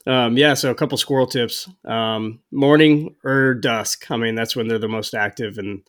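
A man's voice: mid-range voice, steady tone, moderate pace, a bit bright. A man hosting a casual hunting podcast, talking in a laid-back, rambling way with fillers and the odd slip. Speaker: podcast host.

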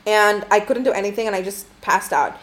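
A young adult woman with a medium-pitched voice tells a story to camera a little fast, in a casual storytime style. She rambles, swears a lot, and says "like" constantly.

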